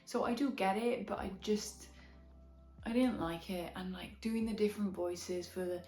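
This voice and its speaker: A woman's voice: medium pitch, normal speed. A young Welsh woman with a slight Midlands twang, chatting frankly and enthusiastically as she reviews books. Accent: Welsh, with a slight English Midlands twang. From Wales. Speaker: book vlogger. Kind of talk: casual book review. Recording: echoey room with soft background music.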